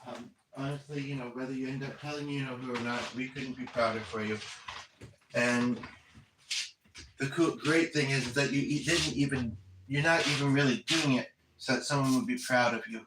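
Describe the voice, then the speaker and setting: Earnest, rambling man, medium-pitched, off-mic in an echoey home room with faint background noise. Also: fairly even intonation, normal speed. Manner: rambling, self-interrupting, earnest. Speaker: spiritual medium relaying messages. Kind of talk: casual livestream chat. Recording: roomy echo, distant from mic, faint noise.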